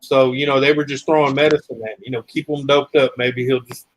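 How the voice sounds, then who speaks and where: A man's voice: mid-range voice, flat delivery, fast, rough recording. A man hosting a casual chat, telling long rambling stories and swearing freely. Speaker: host.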